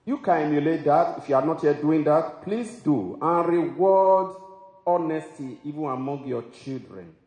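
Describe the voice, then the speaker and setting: A man's voice: a little high, expressive, normal speed, a little mellow. A man preaching a sermon in an emphatic style, breaking into exclamations and laughter. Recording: echoey hall with long reverb.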